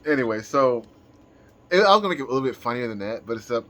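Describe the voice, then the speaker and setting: A man's voice: mid-range voice, expressive, fairly bright tone. Tired man rambling to camera. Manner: halting, full of restarts and fillers. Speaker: channel host. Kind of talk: casual rambling monologue.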